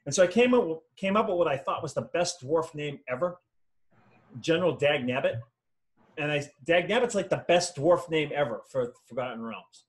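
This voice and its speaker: A fantasy author talks casually over a video call, his voice sitting a little high. He tells his stories with animation and slips into the voices of the people in them. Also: normal speed. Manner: animated anecdotes, acting out quoted voices. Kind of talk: casual storytelling conversation. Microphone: video call mic.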